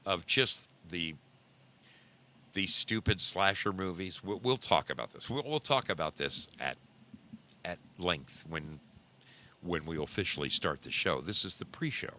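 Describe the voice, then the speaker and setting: A middle-aged man hosting a podcast, telling a story casually in a low voice, rambling and repeating himself for emphasis. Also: lively intonation, a little slow, pushed and bright, a little hiss or hum. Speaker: podcast host.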